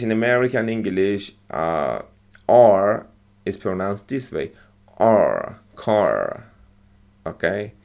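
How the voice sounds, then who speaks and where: A man explains English words and phrases from film clips in a slow, unhurried lesson. His voice sits on the lower side and carries a gravelly rasp. He speaks haltingly, with frequent fillers and restarts. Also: a little mellow. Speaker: English teacher.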